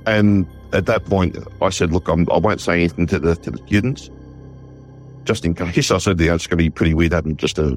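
An Australian man, a war historian, telling a story in an interview with lively retold dialogue and frequent restarts. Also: low-pitched. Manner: animated, retells conversations in quoted dialogue, frequent restarts.

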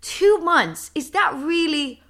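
A woman from the United States co-hosts a relaxed chat podcast. She talks in a lively way and laughs often, slipping into voices when she retells a story. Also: high voice, takes it slowly. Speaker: co-host. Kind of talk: casual chat.

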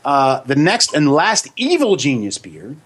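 A man's voice: medium pitch, wildly swooping pitch, unhurried, fairly bright tone, breathy edge. A man co-hosting a casual beer tasting stream, teasing his co-host and slipping into a mock infomercial delivery. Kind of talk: casual joking beer review chat.

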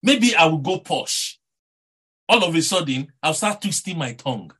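A man with a Nigerian accent preaching a sermon, animated and rhetorical, often repeating words and asking his listeners "eh?". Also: fairly high pitch, moderate pace, husky.

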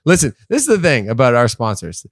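An animated young man co-hosting a podcast, swearing freely and playing up mock outrage. His voice is mid-pitched and sits close on a dry, dead microphone with no room sound. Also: a little fast, dry recording. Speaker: podcast co-host. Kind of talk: casual podcast banter.

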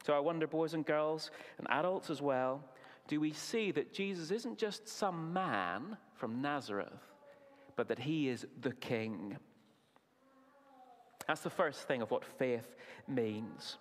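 A man preaching at a family service, asking the children questions and praising their answers in an animated way. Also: a little high, slow pace. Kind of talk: children's talk in a sermon. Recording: long reverb of a large hall.

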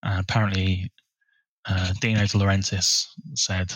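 A man co-hosting a podcast, chatting casually about a film and sharing bits of research in a relaxed way. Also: on the low side, normal speed, dry recording, poor audio. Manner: relaxed, shares researched trivia. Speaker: podcast co-host.

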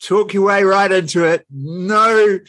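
A man, co-hosting a casual podcast, relaxed and quick to laugh. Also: sits high, dry recording. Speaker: podcast co-host. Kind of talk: casual chat.

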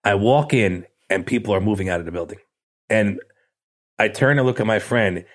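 A man's voice: fairly low pitch, moderate pace. A middle-aged man, a guest in a casual interview, telling a story with blunt, streetwise talk and acting out the dialogue. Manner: animated storyteller who acts out quoted dialogue.

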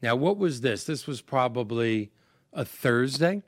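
Animated man host telling a story, dry sound. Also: medium pitch, measured pace, no echo. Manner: animated, tells jokes against himself. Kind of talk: casual storytelling.

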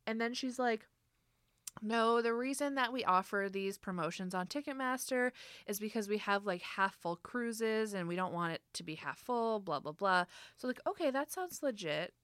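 A young adult woman with a mid-range, clear and resonant voice speaks at a moderate pace in a studio-quality recording with no room sound. She animatedly tells a casual anecdote, quoting the people involved in her own voice and laughing often.

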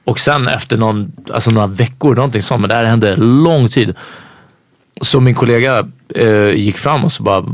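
Chatty Swedish podcast co-host. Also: male voice, mid-range voice, fairly quick, no echo, studio quality. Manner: chatty, hesitant, with filler sounds. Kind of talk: casual chat.

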